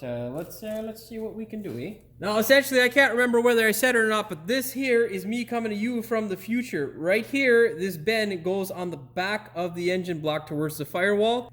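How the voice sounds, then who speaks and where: A man with a fairly high voice walks viewers through a car repair in a loose, casual way. He jokes, swears and chats to the audience as he works in a repair shop. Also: a bit bright. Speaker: auto repair channel host. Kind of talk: casual how-to narration while working. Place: auto repair shop with a hoist.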